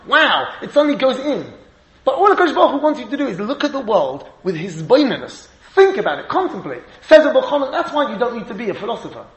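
A man giving a Torah lecture, emphatic and animated, laughing often and mixing in Hebrew and Yiddish terms. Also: extremely high pitch, reverberant, poor audio. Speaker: rabbi giving a shiur.

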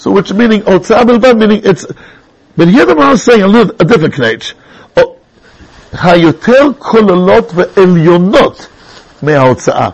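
Casting: male Torah teacher, high pitch, husky, chatty, mixes in Hebrew terms. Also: expressive, quick pace, lo-fi sound. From England. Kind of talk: classroom text lesson.

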